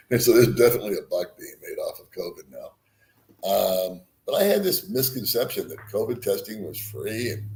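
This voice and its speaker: A man's voice: deep voice, warm tone, echoey room. An older man vlogging, telling a rambling travel story, swearing freely and chuckling at himself. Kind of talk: casual storytelling.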